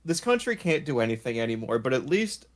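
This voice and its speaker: A man's voice: mid-range voice, sing-song, a little fast. Laid-back joking male co-host. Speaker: podcast co-host. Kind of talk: casual chat.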